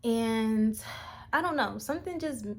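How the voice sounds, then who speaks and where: A woman's voice: fairly high pitch, animated, measured pace. A woman talking casually to her vlog audience, musing in a meandering, reflective way with fillers. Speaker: vlogger. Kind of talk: casual spiritual vlog talk.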